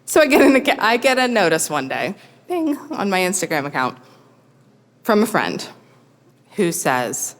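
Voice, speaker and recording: Woman storyteller, self-mocking comic delivery, very lively intonation, reverberant hall. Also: medium pitch, unhurried, long pauses. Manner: wry, self-mocking, animated.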